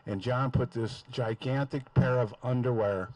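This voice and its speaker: A man's voice: mid-range voice, fairly even intonation, moderate pace, darkish tone, dry recording, rough recording. Brief: man, memorial speech at the mic, rambling with fillers, dry sound. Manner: rambling with many "uh" fillers, fond. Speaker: memorial speaker. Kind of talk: casual storytelling. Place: memorial gathering. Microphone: microphone.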